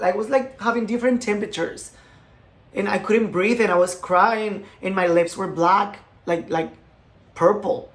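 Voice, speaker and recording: A man in his thirties whose first language is Spanish, giving an earnest personal faith testimony in short, halting phrases. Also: sits high, steady tone. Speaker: creator of a healing channel.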